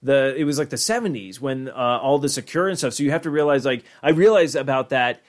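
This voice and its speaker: A man's voice: medium pitch, fast. A young man co-hosting a podcast in casual chat, rambling with lots of fillers and swearing. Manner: rambling, profane, full of "like" fillers. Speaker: podcast co-host.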